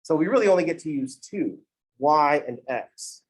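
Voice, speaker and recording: Male math lecturer, slightly higher voice, chatty and digressive, classroom delivery. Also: expressive, moderate pace, poor audio. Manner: conversational, digressive, playful asides. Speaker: math teacher.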